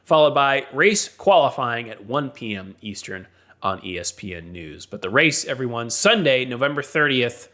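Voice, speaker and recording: A man co-hosts a relaxed motorsport podcast, reading out standings, rankings and broadcast times. He has a mid-pitched voice and an upbeat, brisk way of running through listings. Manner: reads schedules and listings in a quick, upbeat way. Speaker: podcast co-host. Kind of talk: casual podcast chat.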